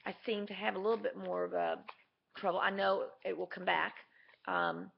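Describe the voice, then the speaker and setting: A woman's voice: mid-range voice, moderate pace, gravelly, slight background noise. A woman talking candidly and chattily to camera in a casual video diary. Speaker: vlogger. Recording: dull lo-fi camera audio.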